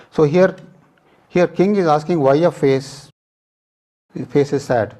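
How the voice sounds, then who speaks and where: A man preaching a sermon, explaining scripture step by step in plain, halting words with fillers. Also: a little high, dark tone.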